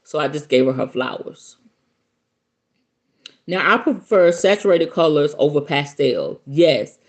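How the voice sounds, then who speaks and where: A podcast host with a low, slightly slow voice reads from a book. She keeps breaking away from the text for animated, playful, casual asides.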